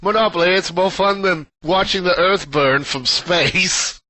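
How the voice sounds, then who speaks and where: Bright, dry-sounding podcast co-host. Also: male voice, sits high, a little slow, no echo. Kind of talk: casual chat.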